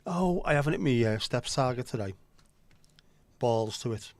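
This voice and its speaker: A man's voice: mid-range voice, lively intonation, normal speed, no room sound. A man hosting a casual livestream, chatty and joking as he answers viewer comments. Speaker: livestream host.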